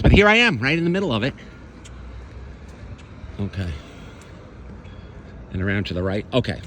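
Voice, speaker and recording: A man with a fairly low voice walks the streets and talks to his handheld camera in a chatty, sarcastic way. Faint traffic noise runs behind him outdoors. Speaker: vlogger walking his neighborhood. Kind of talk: casual walking vlog.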